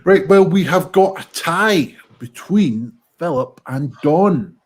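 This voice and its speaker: A British man hosting a comedy pun show over a video call, briskly moving the rounds along. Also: fairly high pitch, animated. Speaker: host.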